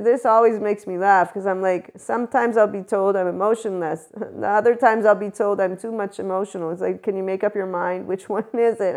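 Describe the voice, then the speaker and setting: A woman's voice: mid-range voice, a little mellow. A woman hosting a solo podcast, talking casually and bluntly, laughing often as she goes. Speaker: podcast host.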